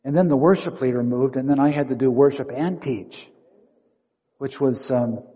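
A male pastor preaching a story-filled sermon, acting out inner dialogue and shifting between quiet and loud. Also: medium pitch, moderate pace, dull audio. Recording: long hall reverb.

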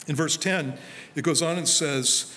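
A man preaching a sermon as pastor, telling personal stories in a relaxed conversational way. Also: a little high, measured pace. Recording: faint hall reverb with light noise.

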